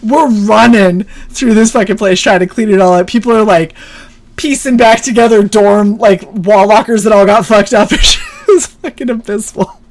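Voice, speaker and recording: A woman's voice: medium pitch, moderate pace, a little mellow. A young adult woman co-hosting a stream, telling a story casually, swearing and laughing often. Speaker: stream co-host.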